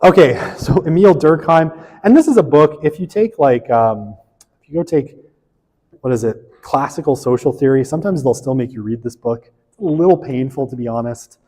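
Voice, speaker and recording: A man's voice: mid-range voice, normal speed, dark tone. Chatty male lecturer in an echoing hall. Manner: chatty, frequent "right?" tag questions, self-deprecating asides. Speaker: sociology lecturer. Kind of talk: casual university lecture.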